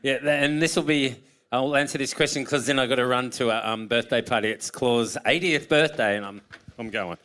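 An easygoing man tells a story as a panel guest. His voice is bright and smooth, and he laughs at himself as he goes. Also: medium pitch, brisk. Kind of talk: casual storytelling.

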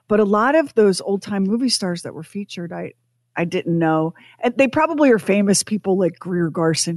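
A woman's voice: fairly low pitch, darkish tone, no echo, clean studio sound. A woman co-hosting a radio talk show, telling stories in a chatty way and putting on voices now and then. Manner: chatty, storytelling, mimics voices. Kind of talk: casual chat.

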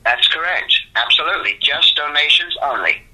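A man's voice: a little high, expressive, moderate pace, pushed and bright, rough recording. An older man, the founder of a religious museum ministry, answering interview questions in an earnest, devout and rambling way.

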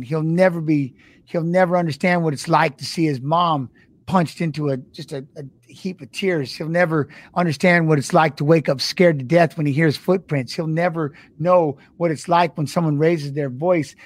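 A middle-aged man telling an emotional story, halting and repeating himself, close to tears. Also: a little high, dry recording. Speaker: former fighter and guest.

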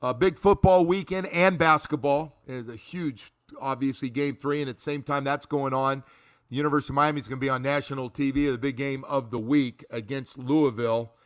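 A man hosting a sports talk radio show, talking through a game in an animated, rambling way and repeating his words. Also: medium pitch, a little fast.

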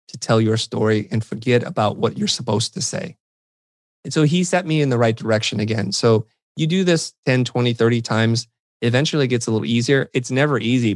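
A middle-aged man recounts his experiences as a podcast guest, slipping into quoted dialogue and poking fun at himself. His voice is mid-pitched and even. The recording is dry and close, with no room sound. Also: dry recording. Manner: animated, self-deprecating anecdotes with quoted dialogue. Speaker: interview guest. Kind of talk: conversational storytelling.

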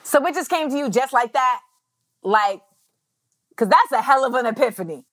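A woman's voice: high-pitched, animated, normal speed, a bit bright, dry recording. A woman hosting a casual interview, asking short, curious questions. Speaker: podcast host.

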